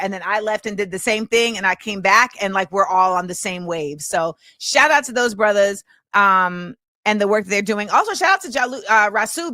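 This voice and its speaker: Talk-show host, woman, bright forceful tone, dry close sound, rambling casual chat. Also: medium pitch, no echo. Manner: chatty, rambling with many fillers. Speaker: podcast host.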